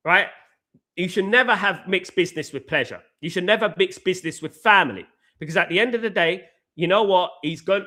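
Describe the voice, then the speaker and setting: A man's voice: high voice, bright, forceful tone. A man hosting a casual live football talk stream, ranting emphatically and repeating his points. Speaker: host.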